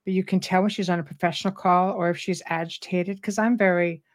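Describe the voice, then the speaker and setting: A middle-aged woman hosting a live talk show, speaking in a robust, animated way from years of public speaking. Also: fairly low pitch, quick pace. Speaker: host. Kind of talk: casual chat.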